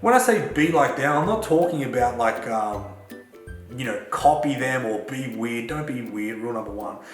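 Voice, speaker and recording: A man's voice: medium pitch, moderate pace. A man giving casual, chatty advice to camera as a self-development coach, mixing in everyday slang. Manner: chatty and relaxed, with Australian slang. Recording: echoey room with faint music.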